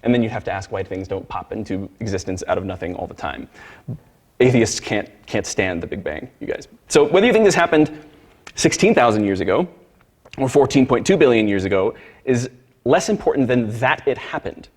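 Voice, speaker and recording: A man's voice: on the low side, lively intonation, fairly quick. A man teaching a church Sunday school class, emphatic and direct with the group, often repeating words as he restarts.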